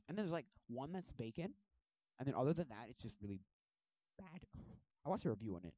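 A man rambling through a casual movie recap at his computer, full of fillers and animated asides. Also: mid-range voice, fast talker, dry recording. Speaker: movie vlogger. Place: home desk at a computer. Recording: dull lo-fi audio, dry.

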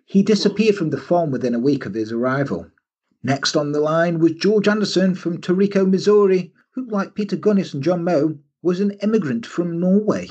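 A man hosting a podcast, telling a story in a casual, animated way and often breaking into silly voices. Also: high voice, normal speed, breathy edge. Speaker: podcast host.

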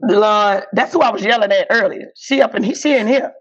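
A woman's voice: medium pitch, fairly quick, husky. A woman comedian, chatting in a casual interview, laughing and acting out what people said. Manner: animated, laughing, acts out quotes. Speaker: comedian guest. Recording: dull lo-fi audio.

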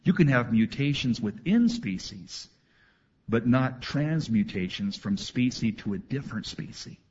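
A man preaching a sermon to his congregation, reading scripture aloud and adding animated asides. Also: mid-range voice, measured pace, muffled recording, a little hiss or hum. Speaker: pastor.

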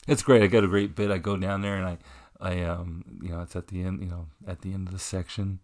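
Man, podcast co-host, casual chat, rambling storyteller, frequent laughter, lowish pitch. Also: steady tone, fairly quick. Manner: laughs often while telling a rambling story.

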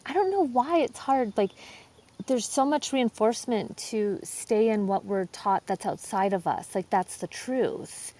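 Brief: woman podcast guest, mid-pitched, effusive and heartfelt, chatty filler-laden spiritual talk. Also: a little mellow. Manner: effusive, many filler words. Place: home porch.

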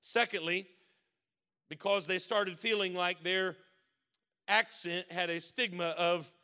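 Man pastor, Baltimore accent, high bright voice, emphatic sermon delivery. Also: steady tone, slow pace, clear, resonant tone. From Maryland. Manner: rises to loud emphatic preaching.

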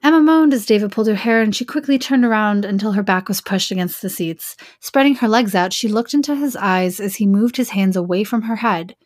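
A woman's voice: mid-range voice, brisk, hardly any pauses, darkish tone, no room sound, studio quality. A woman podcast host reading an erotic story aloud and breaking off into joking asides.

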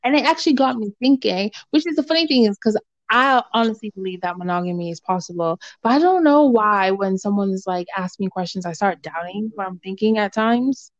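Young woman telling an animated story. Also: mid-range voice, brisk, few pauses, no echo, highs cut off. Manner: animated, acts out quoted voices, lots of fillers. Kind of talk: casual storytelling chat.

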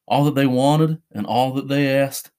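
A bitter, grieving young man pleads with strain in his voice, voiced by a male narrator. He sounds worn down and desperate, in a dark horror story reading. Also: medium pitch, measured pace, clean tone, natural voice.

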